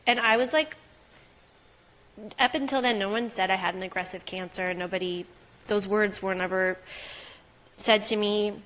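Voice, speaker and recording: A woman's voice: mid-range voice, steady tone, moderate pace, pauses often, a bit bright. A young woman candidly telling a personal story as a podcast guest, with frequent fillers and heartfelt asides. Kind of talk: personal story in casual interview.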